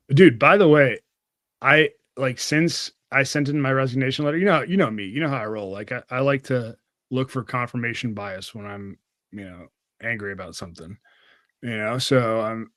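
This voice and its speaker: A man's voice: medium pitch, fairly bright tone, no room sound. A young man hosting a podcast, chatting casually, with a rambling, profane way of talking and lots of fillers. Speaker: podcast host. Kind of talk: casual chat.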